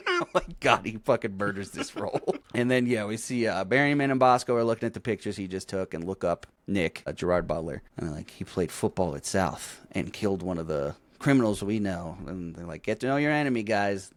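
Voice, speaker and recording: A man's voice: lowish voice, expressive, a little fast, hardly any pauses, dry recording. A man co-hosting a casual movie podcast, swearing freely, laughing often and acting out scenes as he recaps the plot. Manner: profane, laughing, acts out scenes. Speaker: podcast co-host.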